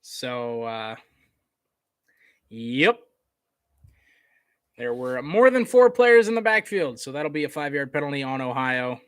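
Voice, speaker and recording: A man giving casual live play-by-play commentary on a college football game, chatty, with fillers, getting excited on big plays. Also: mid-range voice, takes it slowly, pauses often, clear, resonant tone, no room sound, studio quality.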